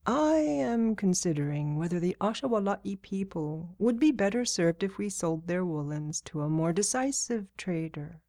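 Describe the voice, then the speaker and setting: A woman voicing a wise old male speaker for his people, talking slowly in a soft, measured way. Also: lowish voice, gravelly, no room sound, clean studio sound.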